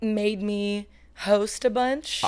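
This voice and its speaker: A woman's voice: medium pitch, steady tone, very slow, a little mellow, clear, resonant tone. A woman comedian guest from Los Angeles, chatting casually on a podcast and acting out other people's voices. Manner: chatty, acts out quoted voices.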